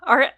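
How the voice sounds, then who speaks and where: A young woman co-hosting a casual podcast over a video call, chatting brightly, laughing easily and reading book passages aloud. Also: a little hiss or hum. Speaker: podcast co-host.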